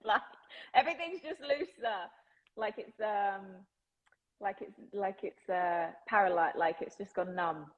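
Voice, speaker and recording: Bubbly husky English woman. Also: mid-range voice, steady tone, highs cut off. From England. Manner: bubbly, laughs often, talks in quick bursts. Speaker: actress, guest. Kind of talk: interview conversation.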